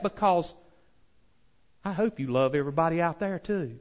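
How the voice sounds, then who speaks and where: A man preaching from the pulpit, his fairly high voice climbing into fervent, loud appeals before falling back to hushed earnestness. The recording is dull and lo-fi, like an old church tape. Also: animated, normal speed, long pauses. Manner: impassioned preaching, rising loud then softening. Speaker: pastor. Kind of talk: sermon.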